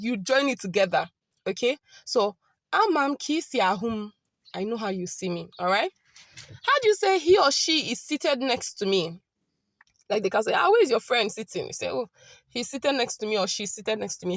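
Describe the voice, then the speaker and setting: Woman, friendly online tutor, checks in often, repeats phrases slowly; dry close mic. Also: medium pitch, animated, dry recording. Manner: chatty, keeps checking in with "okay?"; slows down and repeats phrases carefully. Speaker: language teacher. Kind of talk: casual online language lesson.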